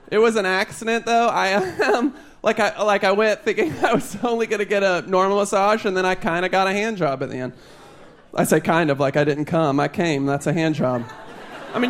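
A man's voice: high voice, a bit bright, a little hiss or hum. A man doing a chatty, rambling stand-up comedy set at a live show, laughing at his own jokes.

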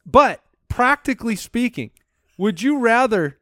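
A man with a fairly high, lively voice hosts a podcast and puts questions to his co-hosts. He talks in casual, comedic chat and stumbles through restarts. The recording is dry and close. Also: no echo. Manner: asks questions, halting restarts. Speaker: podcast host.

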